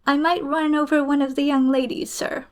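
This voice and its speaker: A woman voicing a composed male valet in a storybook reading, speaking quietly and deferentially in a measured tone. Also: high-pitched, little pitch movement, natural voice.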